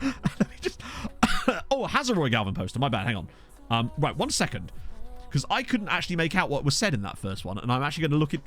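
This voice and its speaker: A man live-streaming a management game, chatting casually and getting excitable, swearing when something surprises him, into a desk microphone. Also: medium pitch. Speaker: gaming streamer. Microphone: desktop USB microphone.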